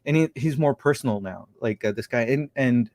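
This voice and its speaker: A man's voice: mid-range voice, a little fast, darkish tone, dry recording. A man hosting a casual livestream chat, rambling and thinking aloud as he talks. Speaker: show host.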